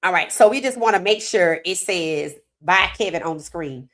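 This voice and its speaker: A woman hosting a live sports talk stream, reading viewer comments aloud and reacting with animated opinions, her voice worn from hours of streaming. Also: on the low side, moderate pace. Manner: animated, talks straight to chat, reads comments aloud. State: losing her voice.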